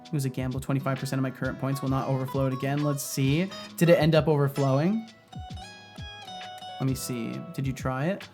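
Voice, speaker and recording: A man's voice: mid-range voice, steady tone, brisk, over music. A man streaming as a game developer, chatting casually, rambling and laughing often as he reads chat aloud.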